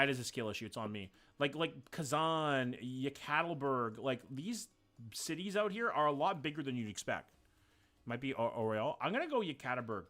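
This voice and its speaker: A chatty male streamer with a medium-pitched, sharp-toned voice thinks aloud as he plays. His casual live-stream talk includes swearing and greetings to his viewers.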